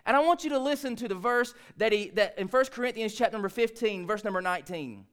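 Man, 30s, pastor's sermon, smooth resonant voice, fervent and repetitive. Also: sits high, animated, quick pace. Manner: fervent, repetitive preaching that builds to emphatic climaxes.

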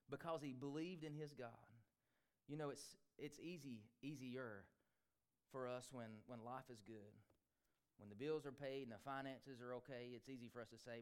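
A male pastor preaching a sermon fervently, swinging between loud peaks and hushed stretches. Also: medium pitch, moderate pace, smooth.

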